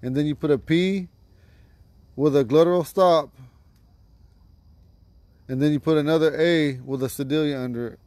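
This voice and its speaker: A man teaching vocabulary to a class outdoors at home, patiently repeating each word slowly. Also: a little high, darkish tone, no echo. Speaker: language teacher.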